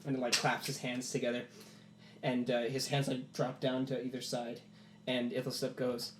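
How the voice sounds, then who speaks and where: A man runs a tabletop game, narrating scenes with animated, casual storytelling. His voice sits at an average pitch. The recording is roomy, with a faint hum behind him. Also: normal speed. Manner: animated storytelling, many "like" fillers. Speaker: game master.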